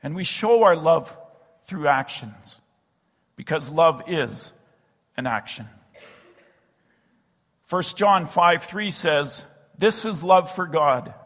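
Man preaching in an echoey hall. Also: fairly high pitch. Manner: earnest, slows and drops to a hush on key phrases. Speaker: pastor. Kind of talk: sermon. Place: church sanctuary.

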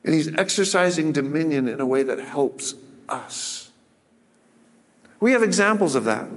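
Earnest male pastor preaching in a hall. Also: mid-range voice. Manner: earnest, rising to emphatic when quoting scripture. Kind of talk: sermon. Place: church sanctuary. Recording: sermon with long hall reverb.

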